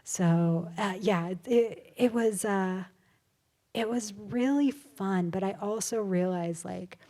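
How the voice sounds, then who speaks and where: A woman, an author guest at a live event, telling stories in a casual, animated way with many fillers. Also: mid-range voice, slow pace. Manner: animated, chatty, full of fillers and laughs. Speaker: author guest at a public talk. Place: live event before an audience.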